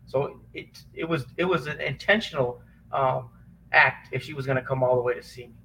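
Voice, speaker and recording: A man tells a deeply personal story in a halting, earnest way, full of restarts and pauses. He sounds choked up, close to tears, at an ordinary middle pitch. A faint hiss of noise sits under the voice. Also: creaky, pushed and bright, low-quality recording. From Chicago area. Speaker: podcast guest, former police officer. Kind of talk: emotional personal testimony.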